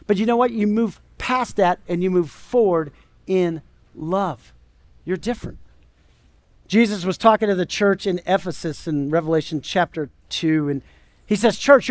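A man's voice: high voice, no echo. A man preaching a sermon as pastor, conversational and emphatic, full of rhetorical questions.

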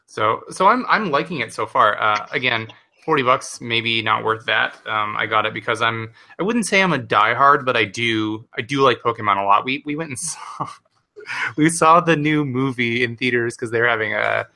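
A young man co-hosting a casual podcast, telling a story with lots of laughter and sudden excited jumps in pitch. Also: normal speed. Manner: animated, laughs often, jumps to high pitch when excited. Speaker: podcast co-host. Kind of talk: casual chat.

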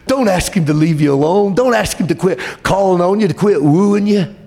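A male preacher in full sermon, his voice husky and set a touch high. He rises into shouted, fervent peaks, then drops low and quiet to press a point home. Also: normal speed. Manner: impassioned, swings between shouting and soft low passages.

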